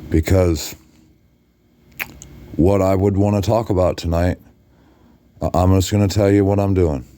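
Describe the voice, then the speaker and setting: A man's voice: deep voice, steady tone, measured pace, dark tone. An exhausted man lying in bed in a hotel room, talking casually to his followers late at night and rambling through restarts and self-corrections. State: exhausted and drained. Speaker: video blogger addressing his followers.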